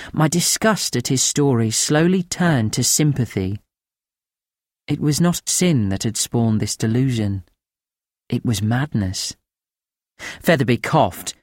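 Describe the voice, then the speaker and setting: A man narrating a dark story in the first person at a slow, measured pace. His delivery is grave and expressive, with a lot of pitch movement. The sound is dry and close. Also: no echo.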